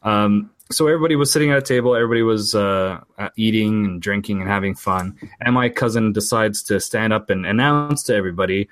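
A low-voiced man in his forties from Portugal tells a long family story in a loose, rambling way. He often restarts his sentences and acts out the people he quotes. His voice is recorded close and dry, with no room sound. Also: fast talker, hardly any pauses, a bit bright, no room sound. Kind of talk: casual storytelling.

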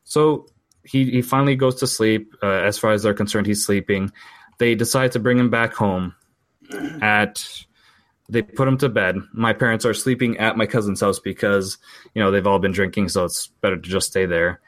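A low-voiced man in his forties from Portugal tells a long family story in a loose, rambling way. He often restarts his sentences and acts out the people he quotes. His voice is recorded close and dry, with no room sound. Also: fairly even intonation, moderate pace, a bit bright, no room sound. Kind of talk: casual storytelling.

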